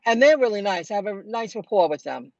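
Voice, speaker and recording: A woman's voice: medium pitch, a little fast, no echo. Chatty woman vlogger, dry dull sound. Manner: chatty, animated retelling with quoted dialogue. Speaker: food delivery driver vlogger. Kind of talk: casual storytelling to viewers.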